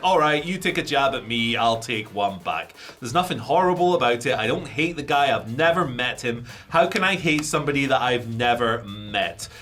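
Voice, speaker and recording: A man's voice: medium pitch, a bit bright. A man co-hosting a wrestling news show, chatting casually and rambling with jokes.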